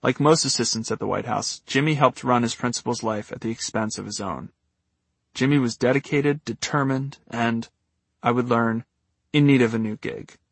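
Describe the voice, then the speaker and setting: A man's voice: medium pitch, normal speed, creaky, breathy edge, dry recording. A man narrating his own memoir as an audiobook, in a wry, dryly humorous manner.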